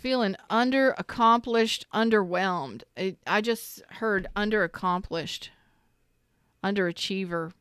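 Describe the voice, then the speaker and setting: A woman's voice: mid-range voice, measured pace, a bit bright, clean tone, dry recording, studio quality. A woman doing a live tarot reading on a stream, chatty and slangy, greeting viewers by name and repeating herself. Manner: swears casually, slangy.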